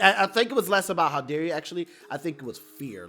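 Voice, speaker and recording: A man's voice: fairly high pitch, animated, quick pace, hardly any pauses, sharp tone, soft background music. A man casually recapping a TV episode, retelling scenes in a loose, chatty way and voicing characters' lines as he goes. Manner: loose, chatty retelling with fillers and acted-out quotes. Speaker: TV recap reviewer.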